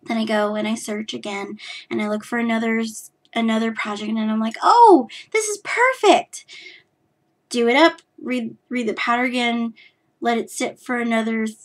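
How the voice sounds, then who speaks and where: Young californian woman rambling about her knitting, lots of ums, voice a bit on the high side. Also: completely flat delivery, a little fast. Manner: rambling, self-deprecating, many fillers and restarts. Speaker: podcast host. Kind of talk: casual knitting podcast chat.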